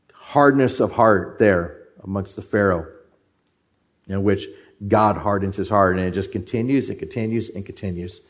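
A man's voice: fairly low pitch, a little mellow. A man preaching a sermon, reading scripture aloud and stressing points by repeating phrases.

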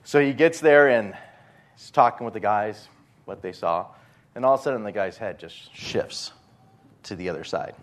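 A man's voice: lowish voice, normal speed. A male pastor preaching a sermon in a conversational storytelling way, acting out the quotes.

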